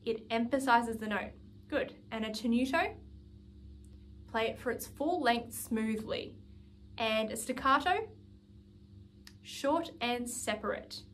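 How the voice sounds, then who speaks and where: A woman's voice: a little high, animated, slow, long pauses, fairly bright tone, a little hiss or hum. A woman music teacher giving a saxophone lesson, patiently explaining each step and counting out rhythms aloud.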